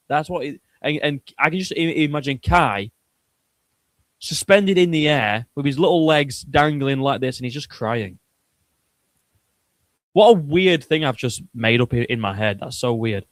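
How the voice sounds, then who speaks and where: Joking streamer, dry sound. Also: male voice, mid-range voice, a little slow, no room sound. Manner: joking, crude, rambling. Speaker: streamer host. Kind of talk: casual livestream chat.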